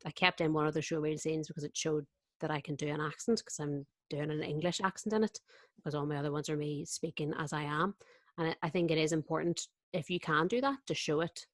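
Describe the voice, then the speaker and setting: A woman with a notably low-pitched voice talks casually as a podcast guest, telling a story with animation and voicing her own thoughts along the way. The sound is dry and close, with no room echo. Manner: lively storyteller, acts out her own inner voice. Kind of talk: casual chat.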